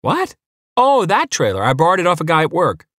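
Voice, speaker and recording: Brief: man playing a goofy, cheerful neighbor on crutches, pitched well up, dry booth sound. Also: wildly swooping pitch, a little fast, a bit bright, no room sound.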